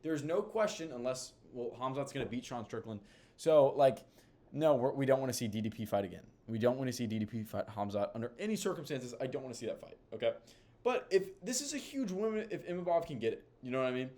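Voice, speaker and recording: A man's voice: medium pitch, lively intonation, quick pace, a little mellow. A man giving casual commentary on fight matchmaking, rambling with lots of fillers and restarts. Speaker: MMA commentator.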